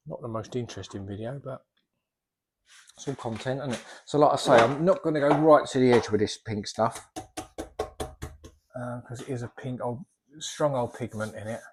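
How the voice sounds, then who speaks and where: A man's voice: mid-range voice, background noise. A middle-aged man, a plasterer chatting casually in a vlog as he works and rambling off topic. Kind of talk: casual vlog talk while working.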